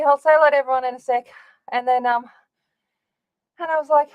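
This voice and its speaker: A slightly high-pitched woman talks casually on a livestream from her craft room, rambling along with plenty of fillers. She sounds a little winded. The audio is dull and lo-fi. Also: fairly even intonation, fairly quick, darkish tone. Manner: chatty, rambling, with many fillers. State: slightly out of breath. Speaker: livestream host.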